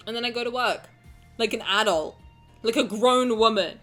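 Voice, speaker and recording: A woman streamer chatting casually with her viewers, excitable and gushing, swearing freely. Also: on the high side, moderate pace, soft background music. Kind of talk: casual livestream chat.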